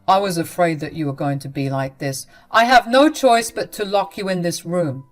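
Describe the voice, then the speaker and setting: A woman's voice: fairly low pitch, normal speed, soft background music, natural voice. A woman voicing a cold, dismissive young man who brushes his mother off.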